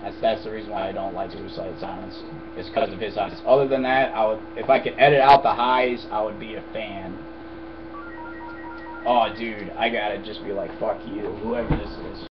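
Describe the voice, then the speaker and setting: A man's voice: on the low side, little pitch movement, moderate pace, over music. A young man in a casual vlog, answering viewer questions in a blunt, profane, rambling way. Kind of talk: casual rant to camera. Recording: dull lo-fi webcam audio with noise.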